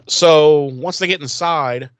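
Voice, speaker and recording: A man's voice: on the high side, animated, slow, creaky, dry recording. Swearing man recapping a show. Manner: rambling recap, acts out quotes, swears casually. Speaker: podcast co-host recapping episode. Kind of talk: casual chat.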